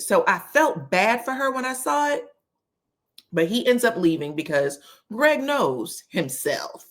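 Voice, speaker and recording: A woman hosting a casual commentary recap, chatty and expressive, tossing in frequent asides to her listeners. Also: a little high, measured pace. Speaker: host recapping a reality show.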